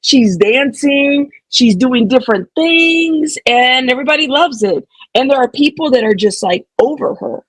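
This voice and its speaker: A woman chats on a live stream and asks the viewers for their views. Her voice is a bit high and husky, and the sound is dry and close. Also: expressive, a little slow, hardly any pauses, no room sound, rough recording. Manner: chatty, addresses viewers directly. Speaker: co-host talking to live chat. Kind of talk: casual live-stream chat.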